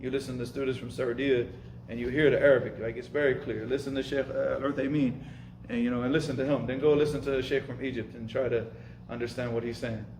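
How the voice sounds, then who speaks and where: A man's voice: medium pitch, steady tone, fast talker, darkish tone, echoey room, a little hiss or hum, poor audio. A man teaching an informal lesson, speaking casually and emphatically, repeating himself and mixing in Arabic terms. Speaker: Arabic and Islamic studies teacher. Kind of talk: informal lesson with live questions.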